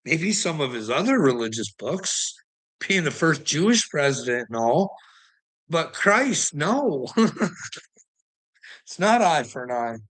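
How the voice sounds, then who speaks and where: A man's voice: a little high, a bit bright. A man ranting in a monologue, heated and swearing constantly, with short laughs between his points. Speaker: vlogger.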